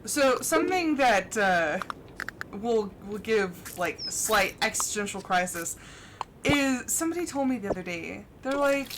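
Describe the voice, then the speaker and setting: A woman's voice: medium pitch, big pitch swings, measured pace, noisy background. A young woman streamer chatting casually while she plays a game. She laughs often and acts out her own thoughts. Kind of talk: casual chat while gaming. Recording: game music playing behind. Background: background music.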